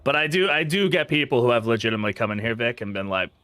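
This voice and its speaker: Brief: young English-born male streamer, bright tone, casual rambling chatter with lots of swearing. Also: medium pitch, very fast, soft background music. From England. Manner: rambling, swearing, animated storytelling. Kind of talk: casual live-stream chat while gaming.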